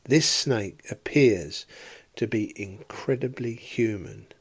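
A man's voice: lowish voice, animated, slow, breathy edge. A man teaching a Bible study in a podcast, explaining verse by verse and posing rhetorical questions.

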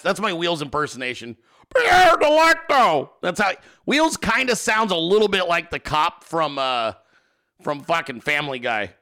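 A man hosting a podcast, talking in casual, excitable commentary, swearing often and laughing a lot. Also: a little high, gravelly. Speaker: podcast host.

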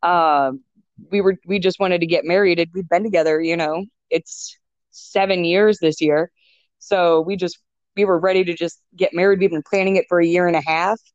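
A young woman talking in a casual chat as a guest, chatty and quick to laugh, on a dull lo-fi recording. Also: lowish voice, fairly even intonation, no room sound. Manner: chatty, laughs often, many fillers. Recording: dull lo-fi sound.

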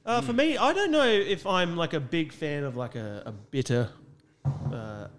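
A man co-hosts a casual podcast chat, hesitant and jokey. He fumbles for words and trails off, with a slightly raised pitch. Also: animated, unhurried, slight background noise. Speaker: podcast co-host.

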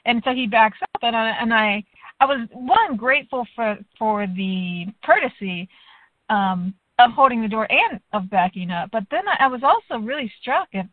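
A woman's voice: a little high, moderate pace, dry recording. A woman reflecting in casual chat, an encouraging listener. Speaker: conversation partner. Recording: dry, tinny phone-like line.

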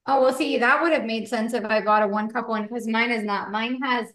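A woman with a fairly high voice co-hosts a podcast while baking at home, chatting loosely with lots of fillers and frequent laughter. Her intonation stays fairly even, her pace is moderate, and the room is echoey.

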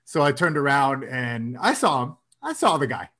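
A man casually telling a story in a chat, animated and acting out the people he quotes. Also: moderate pace. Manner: animated, acts out quoted people with big pitch jumps.

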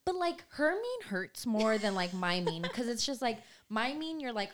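A young woman co-hosting a casual podcast chat, telling stories in an animated, giggly way with lots of "like". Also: fairly high pitch, normal speed, hardly any pauses. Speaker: podcast co-host.

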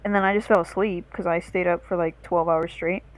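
A woman's voice: fairly low pitch, fairly even intonation, brisk, low-quality recording. A young woman co-hosting a casual podcast, telling a long story in a rambling, profane way. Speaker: podcast co-host.

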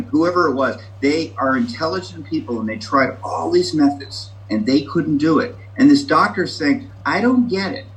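A man's voice: medium pitch, rough recording. Brief: man, self-mocking and candid, sharing his story on a video call. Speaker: meeting member sharing. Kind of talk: recovery meeting share.

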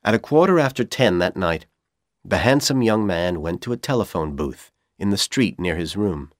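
A man from Iran with a Persian accent, whose first language is Persian, reading an English storybook aloud in a clear, deliberate way for learners. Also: sits low, animated, no room sound, studio quality. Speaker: audiobook reader for English learners. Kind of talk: slow audiobook narration.

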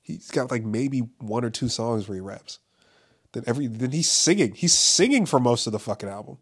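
A man's voice: medium pitch, lively intonation, brisk, husky. A young man from Los Angeles talking in a rambling, casual monologue, full of profanity, fillers and restarts.

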